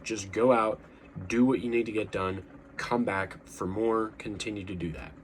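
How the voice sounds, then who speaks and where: Young man, low voice, earnest rambling vlog talk, faint background hum. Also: normal speed. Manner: earnest, rambling, frequent restarts and fillers. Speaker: vlogger. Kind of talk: casual talking-head monologue.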